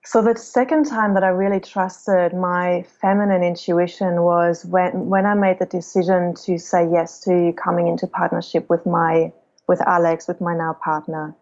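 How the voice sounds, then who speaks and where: A woman's voice: on the low side, level tone, normal speed, a little mellow, lo-fi sound. A woman guest on a podcast, telling personal stories in a reflective, spiritual way. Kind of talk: personal storytelling in conversation.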